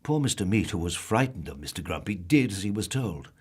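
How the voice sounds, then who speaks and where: A man reads a children's story aloud in a low, husky voice. His pitch swoops widely as he tells it. He draws out words and asks the listener playful questions. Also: sing-song, brisk. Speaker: storybook narrator.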